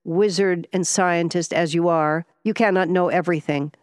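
A woman's voice: lowish voice, fairly even intonation, moderate pace, no room sound, clean studio sound, lightly acted. A woman voicing a testy, ailing older male millionaire who speaks with vexed impatience.

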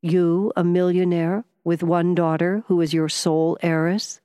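A woman voicing a quiet, serious wizard-scientist. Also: fairly low pitch, flat delivery, smooth, no room sound, studio quality, close to an everyday voice. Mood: calm. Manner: quiet, measured.

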